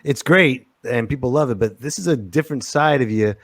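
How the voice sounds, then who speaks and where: A man's voice: medium pitch, brisk, dry recording. A man hosting a podcast interview, laid-back and laughing along with short replies. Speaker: podcast host. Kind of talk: casual interview.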